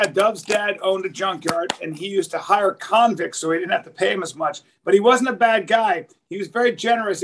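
A podcast co-host with a high-pitched voice tells loose, swear-filled comic stories. He trips over his words and keeps restarting his sentences. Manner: profane, rambling, restarts his sentences often. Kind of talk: casual comedic storytelling.

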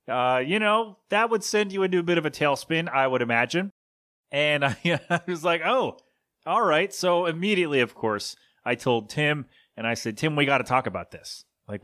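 A man's voice: a little high, pushed and bright. Rambling man hosting a podcast. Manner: rambling, self-correcting storyteller. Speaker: podcast host. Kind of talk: casual podcast monologue.

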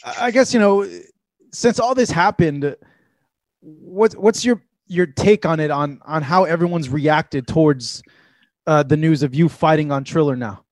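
A man hosting a casual interview, friendly and relaxed, with some stammering restarts. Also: on the high side, a little slow, no room sound, clean studio sound. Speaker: interviewer and channel founder.

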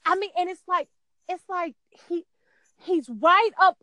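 A woman telling a casual story in a lively way, acting out the quotes in a higher voice. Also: a little slow, a crowd in the background, rough recording. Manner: animated, acts out quotes in a high voice. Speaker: guest.

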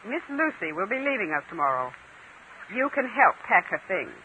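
An actress playing a cold, haughty heiress who talks in a sharp, dismissive, imperious way, in 1940s radio style. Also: female voice, medium pitch, very animated, normal speed, background noise, lightly acted. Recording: tinny lo-fi old radio broadcast.

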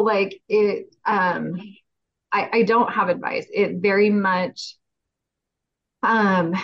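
A woman's voice: on the low side, fairly bright tone. A woman guest on a podcast, speaking casually and animatedly, laughing often, with many fillers. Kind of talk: casual heartfelt chat. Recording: slightly dull lo-fi audio.

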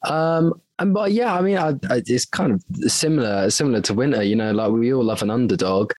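A man's voice: medium pitch, expressive, a little fast, darkish tone, dry recording. A man who works as a voice actor, speaking hesitantly in a casual interview. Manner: hesitant, full of ums and restarts.

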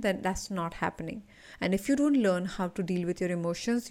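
A woman, a coach hosting a podcast, telling an animated motivational story and calling the listener her friend. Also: medium pitch. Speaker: leadership and anti-anxiety coach, podcast host.

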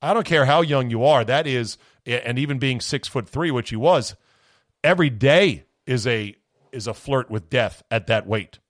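A man rants through his podcast in a sarcastic, profane voice, strained from shouting. His pitch sits in an ordinary middle range. The recording is close and dry, with no room sound. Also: moderate pace, no echo. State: voice going from screaming. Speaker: podcast host. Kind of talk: casual podcast rant.

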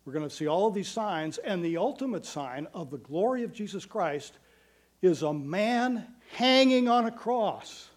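A man preaching a sermon as pastor, earnest and emphatic, with quick asides and slow stressed phrases. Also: high voice, very animated.

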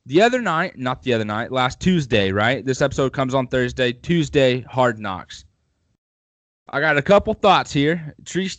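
A man's voice: medium pitch, a bit bright, no echo. A man hosting a podcast, chatting casually and at length about football with opinionated rambling. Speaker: podcast host.

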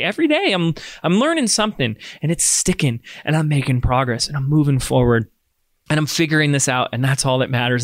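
A man's voice: on the high side, fairly bright tone, no echo. A man hosting a podcast, talking through a motivational monologue with rambling enthusiasm and self-deprecating jokes. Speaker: podcast host.

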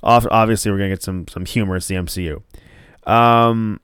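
A man's voice: on the low side, steady tone, a little fast, fairly bright tone, clear, resonant tone, no room sound, studio quality. A man casually recapping a TV episode, rambling with lots of fillers and restarts and swearing now and then. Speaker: show recapper.

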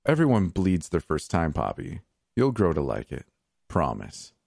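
A man's voice: low-pitched, huge pitch swings, a little slow, gravelly, a little mellow, dry recording, clean studio sound, exaggerated voice. A man voicing a ruthless young sorceress who taunts coldly, in an audiobook. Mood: menacing. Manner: teasing, coldly mocking. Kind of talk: audiobook character voice.

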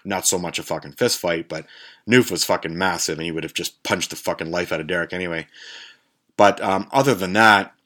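A man's voice: deep voice, fairly quick, fairly bright tone. A man hosting a podcast, telling a story casually in a profane, rambling way with lots of restarts. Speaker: podcast host.

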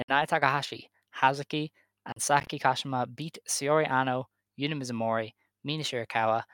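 A man's voice: mid-range voice, fairly bright tone, no echo. Easygoing male podcast co-host. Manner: easygoing, hesitant with many fillers. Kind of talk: casual chat and match recaps.

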